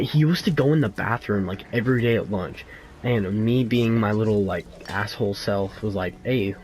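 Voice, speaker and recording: A teenage gaming YouTuber with a lowish, slightly mellow voice rambles through a story while commenting on gameplay, caught on a rough recording. He laughs often and fills his talk with crude slang, restarts and fillers.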